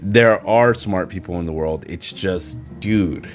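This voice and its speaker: A man's voice: low voice, a little slow, faint music behind. A man hosting a podcast, ranting in exasperated disbelief and firing off rhetorical questions into a studio mic with a pop filter. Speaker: podcast host. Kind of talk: casual commentary rant.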